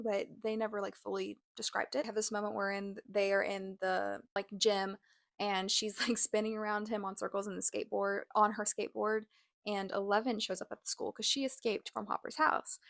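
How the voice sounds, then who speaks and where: A woman hosting a casual TV recap vlog, talking in a chatty, animated way with lots of "like" fillers. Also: medium pitch, a little fast, gravelly, no room sound, clean studio sound. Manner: animated, exclaims and laughs. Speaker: show recap host.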